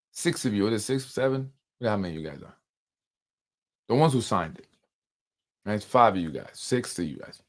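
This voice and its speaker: A man hosting unscripted political commentary, emphatic and full of rhetorical questions and repetition. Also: mid-range voice.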